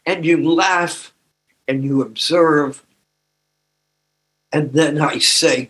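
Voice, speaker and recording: An older man with a slight tremor in his voice, sharing his own story slowly and emotionally with a recovery group. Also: on the high side, fairly bright tone. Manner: slow and emotional, with laughter. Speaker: recovery workshop speaker. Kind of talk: personal sharing talk.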